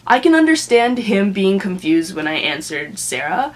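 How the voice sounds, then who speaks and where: A woman's voice: mid-range voice, very animated, normal speed, slight background noise. A young woman from Canada telling a story to camera in a casual, chatty rant, full of fillers and laughing mid-sentence. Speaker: vlogger.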